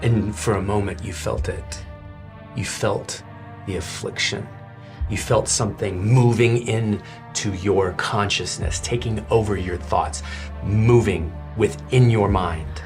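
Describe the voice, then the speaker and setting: A man narrating a tabletop game as game master, telling the story dramatically with halting restarts. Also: fairly low pitch, soft background music.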